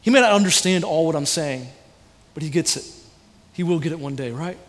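A high-voiced man preaches with passion in a church auditorium. He asks his listeners questions and answers them himself. Long reverb from the hall trails after each phrase. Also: a little fast. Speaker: pastor. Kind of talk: sermon.

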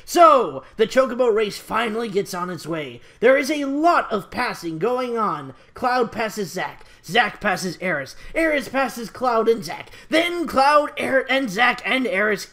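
A man's voice: sits high, sharp tone. A young man reading his own fan fiction aloud, stumbling over words now and then.

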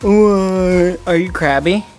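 A man's voice: sits high, slow pace, a little mellow, faint music behind. A man in his thirties hosting a casual family vlog, playful and teasing with his kids and pets. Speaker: family vlogger dad.

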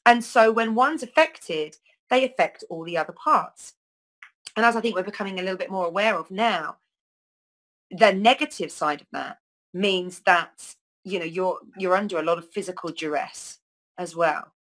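A woman's voice: fairly low pitch, moderate pace, a bit bright, poor audio. A middle-aged woman, talking casually to camera about wellness, rambling with many ums and restarts. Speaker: wellness talk host. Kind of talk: casual spoken talk to camera.

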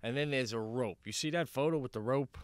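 A man co-hosting a podcast, telling a comedic story in casual chat. He talks animatedly, swears freely and jumps into high, excited outbursts. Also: fairly quick. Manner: swears freely, says "bro". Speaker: podcast co-host.

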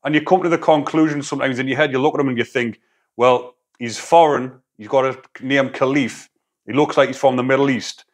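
A man, a former prisoner, giving a blunt, casual opinion monologue full of prison slang. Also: medium pitch. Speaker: YouTube commentator, former prisoner.

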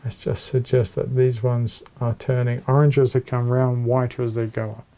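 Male painting tutor, gravelly and warm, relaxed chatty narration while seated at the easel. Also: medium pitch, moderate pace. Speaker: painting teacher. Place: small home studio with a low ceiling.

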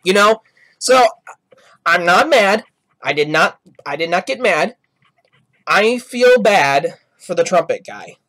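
A man's voice: sits high, big pitch swings, a little slow, fairly bright tone. A man hosting a gaming channel, giving rambling, apologetic reaction commentary. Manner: rambling, apologetic, self-correcting.

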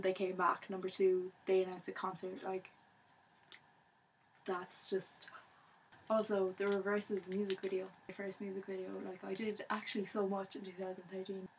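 Young woman vlogger, chatty and bubbly, monotone delivery, light hiss behind. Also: mid-range voice, rough recording. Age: young adult. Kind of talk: casual chat to camera.

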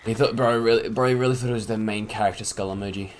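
A young man with a lowish voice chats his way through a survival game from his home setup. He is excitable and loose, and he swears freely while he cheers on his progress and mutters to his tamed creatures. Faint hiss sits under the voice. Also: fast talker. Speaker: gaming YouTuber and streamer. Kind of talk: casual let's-play commentary.

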